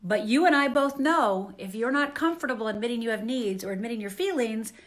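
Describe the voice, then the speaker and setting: A woman giving an earnest, animated coaching talk to camera, often checking in with the listener. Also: on the high side, brisk. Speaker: self-help coach.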